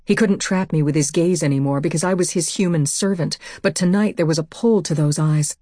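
A woman narrating a first-person audiobook in a steady, measured way on a close mic. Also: sits low, no echo.

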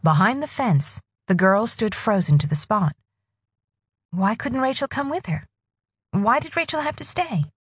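Husky woman reading a story expressively. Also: mid-range voice, expressive, a little slow, dry recording, clean studio sound. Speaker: audiobook narrator. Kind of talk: scripted narration.

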